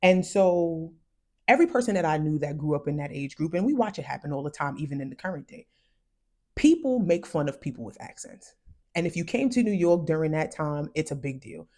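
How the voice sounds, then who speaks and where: A woman from the United States with West Indian parents, giving casual psychology commentary in a conversational, emphatic way and slowing down to stress key phrases. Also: low-pitched, animated, dark tone. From United States, raised by West Indian parents. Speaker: commentary vlogger.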